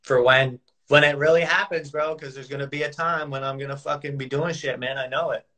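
Man, middle pitch, casual livestream chat, slangy, swearing, says bro. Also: fairly even intonation, fairly quick, sharp tone.

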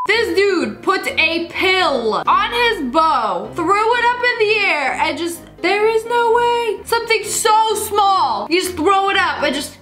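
High, lively woman reacting to clips. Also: over music. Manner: playful, slangy, quick joking asides. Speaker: reaction video host. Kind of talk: reaction commentary on short clips.

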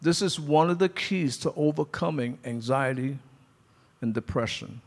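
A man's voice: fairly high pitch, moderate pace. A man preaching a sermon as pastor, emphatic, calling out to his congregation. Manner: emphatic preaching, acting out quoted speech; calls to the congregation.

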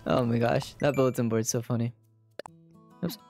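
A woman streamer casually narrating her own moves in a video game, chatty and self-deprecating, now and then breaking into loud squealing yells. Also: rumbling low, steady tone, normal speed, soft background music. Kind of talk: casual livestream gameplay commentary.

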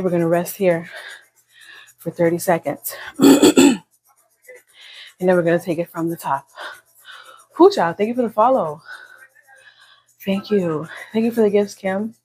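Her voice sits on the low side, with a darkish tone and a breathy edge, as she leads a live workout from her phone in an upper-floor indoor room. Counting reps, she coaches casually and encouragingly, though the recording is rough.

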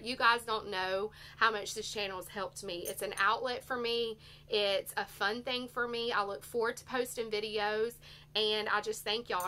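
A woman's voice: on the high side, bright, forceful tone. A middle-aged woman, chatting casually to her viewers in a teary, emotional, heartfelt way. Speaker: vlogger. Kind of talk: casual haul chat to viewers.

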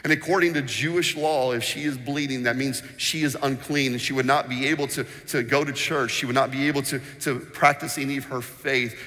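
Bright-voiced male pastor in a reverberant hall. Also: medium pitch. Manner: animated storytelling, acts out quotes; sings snippets of a children's song. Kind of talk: sermon. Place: church sanctuary. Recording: long reverb in a church hall.

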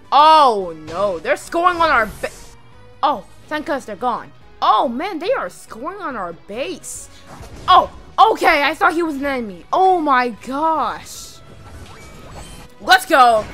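High, excitable woman gaming host. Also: measured pace, soft background music. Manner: excitable, yells at opponents mid-match. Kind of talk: live gameplay commentary.

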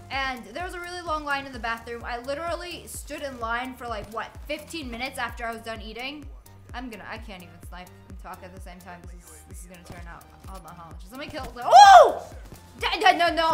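A young woman streamer rambles through a story while she plays, breaking off to curse at the game and laugh. Her voice sits high and bright. Faint music plays underneath. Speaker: gaming streamer. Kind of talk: casual storytelling while playing.

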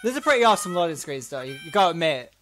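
A man hosting a let's play video, giving excitable commentary that swears often and talks to himself while he plays, wearing headphones at home. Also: a little high, racing. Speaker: gaming channel host. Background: game music.

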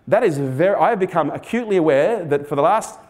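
On stage before a live audience, a keynote speaker in his 40s gives a blunt, sweary motivational talk and quizzes the crowd. His voice is fairly high and a little mellow, and he talks fast and animatedly.

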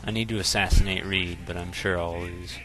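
A man's voice: deep voice, steady tone, a little fast, over music. A man bantering casually while playing a video game with friends, joking, laughing and swearing freely. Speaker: gaming commentator.

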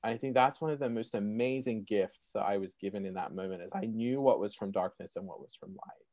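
A young man telling his own faith story as an interview guest, animated and full of "like" fillers. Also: on the low side, fairly quick, dry recording. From Sydney, Australia. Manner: animated, many "like" fillers, laughs often. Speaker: guest, Christian apologist. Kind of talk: personal testimony storytelling.

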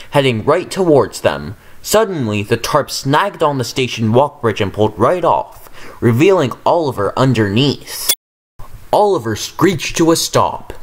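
A man narrates a storybook tale with a dramatic, expressive delivery. His pitch rises and falls widely as he builds tension, while his voice itself stays at a middle pitch.

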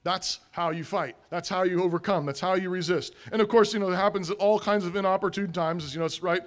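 A man with a fairly high voice preaches a sermon in a church. He talks to the congregation casually, playing out little household scenes. When he voices a confession, he goes soft and hushed. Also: fast. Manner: conversational preaching, acts out little family scenes. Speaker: pastor. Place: church sanctuary.

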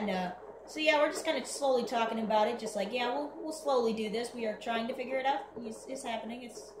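A woman's voice: on the high side, fairly quick, noisy background. Rambling woman narrating gameplay, echoey room. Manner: rambling, chatty, talks to the game. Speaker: gaming channel host. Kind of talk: casual gameplay commentary. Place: home room. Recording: echoey room with game music. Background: game music.

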